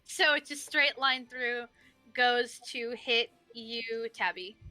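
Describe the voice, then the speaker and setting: Bright-voiced young woman game master. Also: fairly high pitch, fairly even intonation, slow, no echo, soft background music. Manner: playful, breaks into laughter. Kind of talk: narrating a tabletop game.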